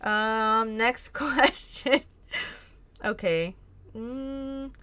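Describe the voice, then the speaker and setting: A woman's voice: a little high, drawn-out words, bright, forceful tone, clear, resonant tone. A young adult woman streamer telling a story in casual chat, rambling with constant "like" fillers and frequent swearing. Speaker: streamer answering viewer questions.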